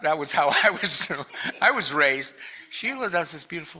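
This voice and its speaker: A man's voice: a little high, animated, moderate pace, bright, forceful tone, breathy edge. A man giving a casual, rambling talk to a spiritual community, full of fillers and restarts and often laughing. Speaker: guest speaker at a spiritual community.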